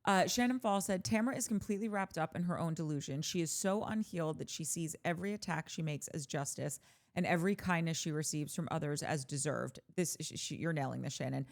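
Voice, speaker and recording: A woman co-hosting a casual chat show, reading listener comments aloud with quick animated asides. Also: deep voice. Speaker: podcast co-host.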